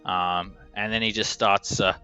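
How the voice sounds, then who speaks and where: A man's voice: fairly low pitch, fairly even intonation, unhurried, sharp tone, lo-fi sound. A man running a tabletop game as game master, describing scenes with frequent ums.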